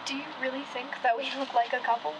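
Teen actress for a nervous earnest schoolgirl, slightly high, hesitant, noisy location sound. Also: level tone, fast talker. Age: teens. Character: shy nervous teen girl, about to start high school.

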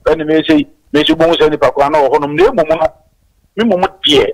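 A man's voice: fairly high pitch, fairly even intonation, fast, rough recording. A man with a Ghanaian accent calling in by phone to a political talk show, speaking emphatically and mixing in blessings. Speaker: caller. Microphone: phone line.

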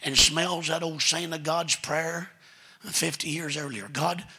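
A man's voice: fairly high pitch, steady tone, measured pace, creaky, bright, forceful tone, breathy edge. A man preaching a sermon in a church, telling family stories in a folksy way and quoting relatives. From Texas. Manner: folksy storytelling preacher, quotes family members. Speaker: pastor. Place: church sanctuary.

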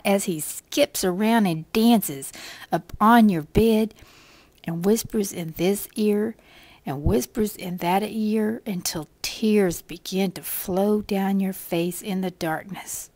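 A woman's voice: mid-range voice, slow, a little mellow, no echo. A woman telling a devotional story in an intimate, often whispered way.

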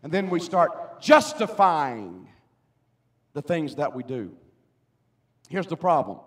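Pastor, male, high voice, sermon with loud swells. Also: very animated, takes it slowly. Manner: preaching with rising, shouted emphasis. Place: church sanctuary.

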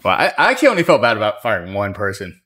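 A young man chats on a podcast with a lively voice that rises and falls a lot. He jokes freely and breaks into laughter between sentences. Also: on the low side, racing, slightly rough. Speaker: podcast co-host. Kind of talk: casual chat.

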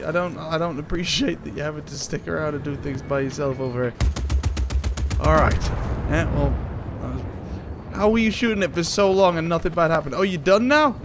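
A man giving excitable, jokey let's play commentary and talking back to game characters. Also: a little high, fairly quick. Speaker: gaming YouTuber. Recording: game sound effects and vehicle noise behind.

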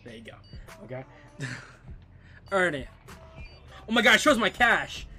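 Young male streamer with a high, bouncy voice and a bright edge; excitable trash talk over gameplay. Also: takes it slowly, slightly rough, soft background music. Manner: excitable trash talk, constant "bro" and "dude". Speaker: gaming streamer. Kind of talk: live gameplay commentary.

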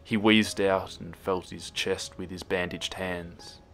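Male narrator for a horror story, very low and unhurried, hushed delivery over a clear music bed. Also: steady tone. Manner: slow, hushed, dropping to near whispers.

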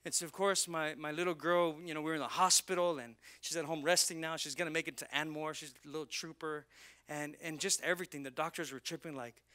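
A man pastor preaching a sermon, telling a personal story and rising to loud, fervent preaching. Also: a little high, fairly even intonation, fast talker. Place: church.

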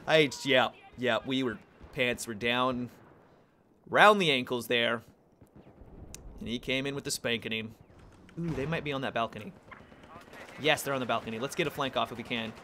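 A young man giving casual, joking commentary over his own gameplay, excitable and laughing, with sudden high squeals of surprise. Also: normal speed, pauses often, a little hiss or hum.

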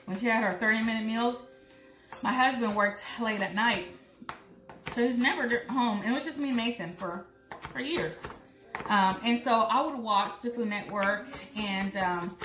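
A woman's voice: a little high, a bit bright, echoey room, slight background noise. A young woman from Puerto Rico, chatting and joking with viewers while she chops vegetables in her home kitchen. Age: young adult. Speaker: cooking vlogger. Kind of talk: casual cooking demo.

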